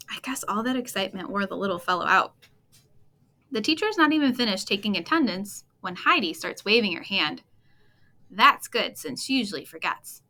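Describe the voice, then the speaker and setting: An expressive woman reading a children's bedtime story aloud. Her voice is bright and crisp, swooping up and down with lively, playful pitch as she draws young listeners in. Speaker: storytime reader.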